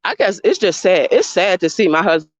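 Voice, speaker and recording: A woman's voice: on the low side, animated, fairly quick. A woman speaks straight into her phone to people watching live, her talk heated, profane and circling back over the same points. The sound is dull and muffled, and it is dry, with no room echo. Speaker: livestreamer. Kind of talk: live-streamed rant to viewers.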